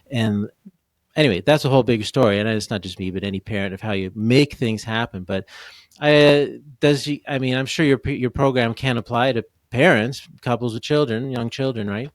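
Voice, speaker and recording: A man's voice: medium pitch, no echo, studio quality. A middle-aged man hosting a podcast interview, chatting loosely and thinking aloud with plenty of fillers. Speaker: podcast host. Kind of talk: casual interview chat.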